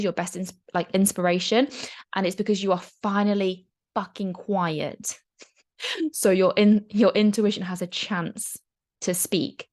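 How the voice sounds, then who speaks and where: A young woman coaching in a casual, chatty talk, frank and quick to swear. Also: medium pitch. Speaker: mindset coach.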